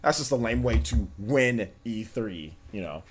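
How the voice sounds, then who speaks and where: This livestream host has a lowish, husky, expressive voice and takes his time. He chats to his viewers directly in a loose, rambling way full of fillers, with faint music playing behind him.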